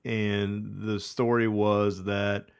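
A man co-hosting a casual paranormal podcast, telling a story slowly with many fillers. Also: on the low side, level tone, creaky, smooth. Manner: slow, meandering storyteller with fillers. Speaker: podcast co-host.

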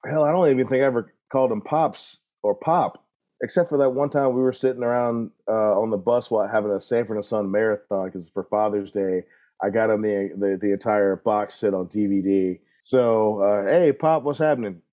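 Low, mellow-voiced man telling stories. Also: fairly even intonation, moderate pace. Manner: laid-back, folksy, acts out voices in anecdotes. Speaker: musician guest, drummer. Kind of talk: relaxed storytelling interview.

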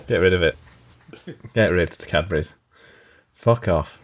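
A man hosting a podcast in casual chat, talking quickly, laughing and swearing easily. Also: low voice, very animated. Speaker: podcast host.

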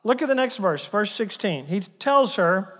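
A man preaching a sermon in church, animated, acting out the dialogue of the story. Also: high voice, measured pace. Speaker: pastor. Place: church sanctuary. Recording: long hall reverb.

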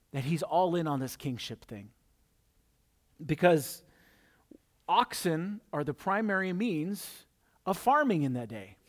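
A man preaching a conversational sermon, telling the story in an animated way with wry asides. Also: high-pitched. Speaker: pastor.

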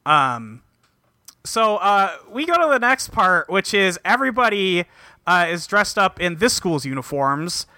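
A man with a vivid, bright, slightly high voice chats casually on a podcast, retelling a show scene by scene. He swears freely and drops into a flat delivery for the characters' lines. The sound is dry and close. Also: unhurried, no echo. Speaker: podcast co-host recapping a show. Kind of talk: casual chat.

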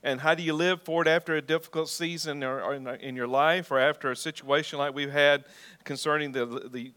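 A man's voice: a little high, steady tone, brisk, sharp tone, clear, resonant tone. A middle-aged male pastor preaching a sermon, reading scripture and putting questions to his congregation. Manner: preaching, asks the congregation questions and calls for responses.

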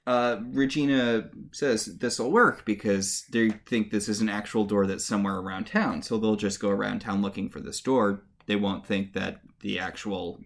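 A podcast co-host recaps a show in casual, wry chat, mocking the characters with little put-on voices when retelling scenes. The voice sits low and steady at a normal speed, with hardly any pauses.

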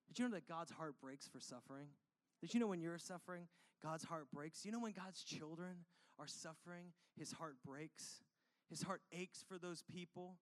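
A man with a notably high-pitched voice delivers a sermon as pastor. He reads scripture, then breaks it down in a loose, conversational way. He throws in jokey asides and checks in with his listeners. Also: a bit bright.

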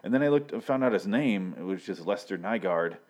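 A Michigan man with a low, darkish, animated voice talks fairly quickly as he reviews a TV show. He rambles casually, swears often, leans on fillers, and keeps correcting himself.

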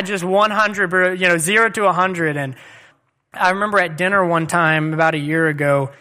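A man in his thirties preaches a sermon in a high voice. His tone is bright and forceful. He speaks earnestly and conversationally, weaving in personal stories. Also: fairly even intonation, fairly quick. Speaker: pastor.

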